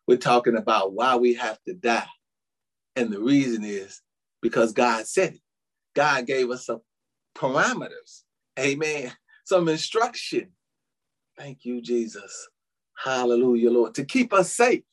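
A man's voice: mid-range voice, lively intonation, unhurried, long pauses. A male pastor preaching a sermon, calling out to the congregation with frequent amens, hallelujahs and little laughs. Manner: preaching with frequent "amen" and laughs, addressing "saints".

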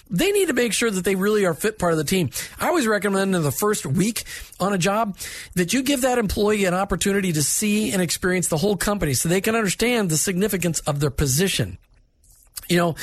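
This man's voice runs notably high as he offers straightforward workplace guidance, sounding like a manager mentoring other managers in a conversational, instructive tone. The recording is close and dry, free of any room sound.

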